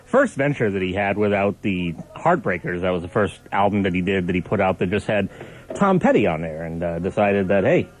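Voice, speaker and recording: A man's voice: deep voice, big pitch swings, poor audio. A man hosting a campus radio show, teasing his co-host dryly and announcing songs and the station. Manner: dry teasing, brisk announcer reads. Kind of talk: radio banter and song announcing.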